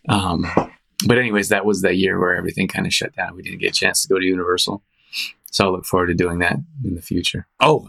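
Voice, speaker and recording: A man hosting a show, chatting casually in a rambling, animated storytelling way with frequent restarts and fillers. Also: fairly low pitch, creaky. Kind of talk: casual chat.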